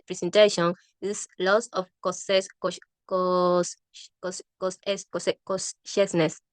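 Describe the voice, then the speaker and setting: A woman reads a medical English textbook aloud at a slow, careful pace, stumbling and restarting words as she goes. Her voice is smooth and clear. It sounds dry and close. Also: medium pitch, no room sound. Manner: halting, frequent restarts on words. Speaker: student reading a textbook aloud.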